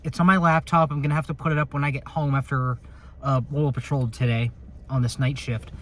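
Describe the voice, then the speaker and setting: Recorded on a phone inside his patrol car at night, this man speaks at medium pitch with a flat, fairly quick delivery. He's a security officer vlogging casually on patrol, rambling, cracking jokes and swearing a little.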